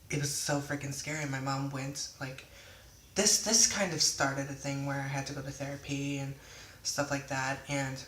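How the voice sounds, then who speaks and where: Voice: medium pitch, fairly bright tone, slight background noise. Rambling young vlogger in an echoey room. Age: 20s. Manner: rambling, swears then apologizes. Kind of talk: casual storytime. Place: indoors at home.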